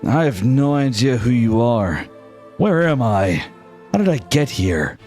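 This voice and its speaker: A man voicing a reborn winged male champion who speaks in a slow, imperious way. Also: mid-range voice, sing-song, a little mellow, faint music behind, voice pushed down. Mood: haughty.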